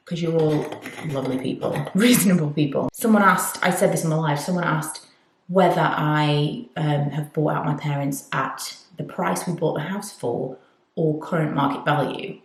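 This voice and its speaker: A woman in her thirties talking casually to her camera, her voice sitting a little low for a woman. She is open and chatty, and now and then her words fall away into a breathy whisper. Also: moderate pace. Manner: candid, chatty, drifting into whispers. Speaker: vlogger.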